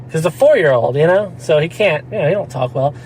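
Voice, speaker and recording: A man's voice: on the high side, expressive, fast talker, darkish tone, slight background noise, poor audio. A man telling a rambling story in casual chat, laughing often and slipping into mock voices. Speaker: podcast co-host.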